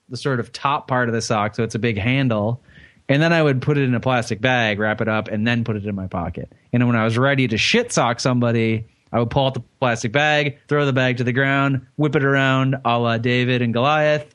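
A man's voice: mid-range voice, steady tone, fairly quick, fairly bright tone, no room sound. A man co-hosting a comedy podcast, telling a news story in casual, profane, rambling chat. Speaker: podcast co-host.

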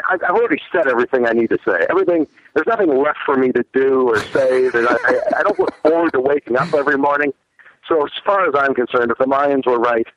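A man's voice: mid-range voice, no echo. A man around forty, calling in to a talk show, rambling and cynical, a little winded. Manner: rambling, self-deprecating, cynical. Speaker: phone-in guest. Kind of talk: casual crude chat. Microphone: phone. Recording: muffled phone line.

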